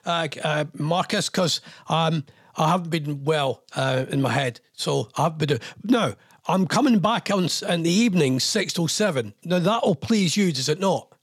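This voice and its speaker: Man, Scottish accent, radio phone-in host, rambling, chatty, husky, dry close sound. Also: on the high side, expressive, normal speed, no room sound. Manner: rambling, chatty, self-mocking, coaxing. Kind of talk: casual radio chat.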